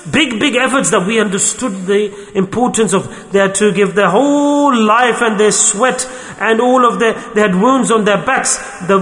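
A man's voice: high-pitched, fairly bright tone. A man delivering an earnest religious sermon, telling stories to make his points. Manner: earnest storytelling with frequent religious terms. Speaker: preacher. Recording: long hall reverb.

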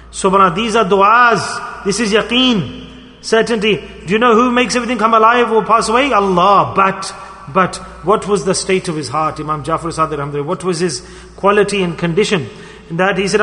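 Bright-voiced male preacher in echoing hall. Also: high voice, normal speed. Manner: storytelling, emphatic, rising and falling. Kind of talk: sermon. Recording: long hall reverb.

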